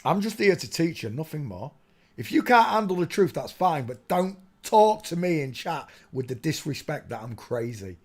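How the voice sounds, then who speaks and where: A man's voice: on the high side, sing-song, normal speed, darkish tone. Ranting man on a livestream. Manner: ranting, muttering to himself while searching on screen. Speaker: livestream host. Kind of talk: rambling livestream monologue addressing chat.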